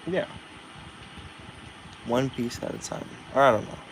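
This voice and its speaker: A man's voice: mid-range voice, unhurried, slight background noise, rough recording. A man vlogging at home, venting his frustration and swearing often as he talks to himself. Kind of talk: casual vlog.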